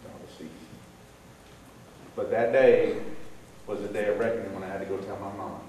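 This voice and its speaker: A middle-aged man, giving an animated storytelling talk to an audience at a gang awareness session. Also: lowish voice, a little fast. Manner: animated, acts out voices in his stories. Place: large echoey room with an audience. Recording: very echoey room, voice from far off, faint hiss.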